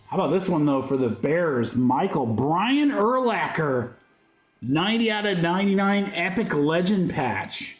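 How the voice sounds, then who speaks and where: A man's voice: fairly high pitch, big pitch swings, a little slow, soft background music. A man hosting a livestream card break, calling out each card with upbeat, joking patter. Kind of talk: live card-break commentary. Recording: roomy echo.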